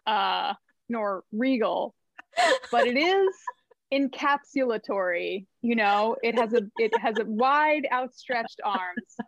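A woman from New Jersey talks as a podcast guest, pausing to find her words and slipping in dry jokes. Her voice sits a little high, and the recording sounds dull and lo-fi. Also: animated, no room sound. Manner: thoughtful, halting, wryly playful. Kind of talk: casual interview chat. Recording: dull lo-fi mic.

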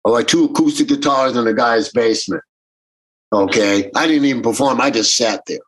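Husky man telling stories. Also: mid-range voice, brisk, poor audio. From Jamaican American. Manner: animated, acts out quoted voices. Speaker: reggae bandleader. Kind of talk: casual interview storytelling.

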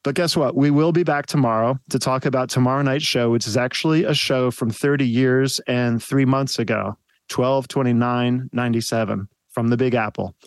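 A man hosting a podcast, telling an old tour story in a loose, conversational way. His pitch sits in the middle, and he chuckles easily. The mic is close and dry, with no room sound. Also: steady tone, normal speed, no room sound. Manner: laughs often while telling stories. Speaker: podcast host. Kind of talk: casual storytelling.

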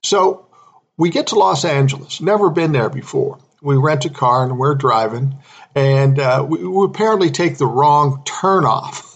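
A man's voice: a little high, normal speed, breathy edge. A middle-aged man, a music manager, telling a profane story casually, laughing often and acting out what others said. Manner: profane, animated, laughs often, acts out other people's lines.

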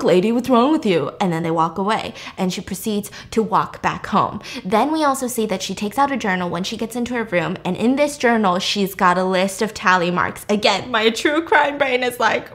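A woman podcast host casually recapping a movie in an animated, profane, jokey way. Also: medium pitch.

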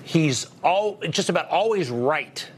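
A man's voice: fairly high pitch, lively intonation, slow, slight background noise. A man hosting a TV news show, interviewing a guest in a casual, chatty way and laughing easily. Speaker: TV news host.

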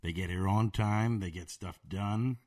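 A man's voice: on the low side, unhurried, darkish tone, dry recording, studio quality. A man guesting on a podcast in casual chat, wisecracking and mock-serious.

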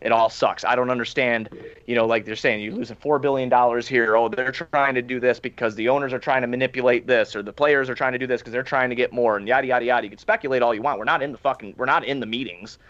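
A man rattles off his opinions at a quick clip, swearing for emphasis and laughing between points. His voice sits mid-range, and the recording has a muffled, lo-fi edge. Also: medium pitch, steady tone, a bit bright, no echo. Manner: profane, emphatic, laughs often. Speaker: podcast co-host. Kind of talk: casual sports chat. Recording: muffled lo-fi audio.

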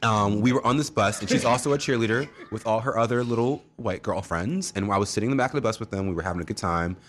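A man in casual chat, telling stories with sassy, animated asides. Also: lowish voice, fast.

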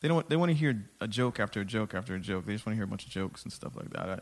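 A man's voice: on the low side, expressive, racing. A man, a stand-up comic, talking frankly in a rambling, self-deprecating way. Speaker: stand-up comedian guest. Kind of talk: casual chat.

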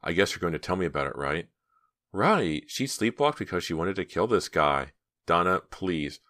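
A deep-voiced man doing chatty teenage girls. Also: lively intonation, normal speed, no room sound, studio quality. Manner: lifts his voice higher and louder for the girls. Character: teenage girls and their mother in the story.

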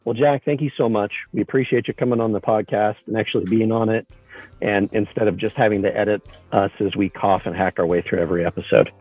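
A podcast host with a lowish, steady, slightly breathy voice talks quickly in a casual, upbeat, joking way as he hands the floor to his guest and thanks listeners. The recording is dry and slightly dull, with faint music behind.

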